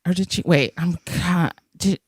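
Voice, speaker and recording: A young woman with a lowish, darkish, slightly rough voice hosts a podcast and recaps an episode in a casual chat. Speaking a little slowly, she rambles and giggles while acting out quotes, with no echo in the studio-quality recording.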